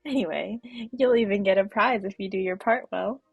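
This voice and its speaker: A woman voicing a boastful, teasing male guardian angel with old-man energy while reading game dialogue aloud, in a gravelly, husky voice. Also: medium pitch, normal speed, no echo, faint music behind. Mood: wheedling.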